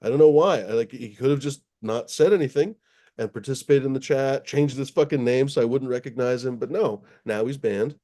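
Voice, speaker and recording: A man hosts a casual livestream chat, rambling loosely, swearing often, and filling gaps with plenty of uhs. His voice is mellow and dark, medium-pitched for a man, and fairly quick.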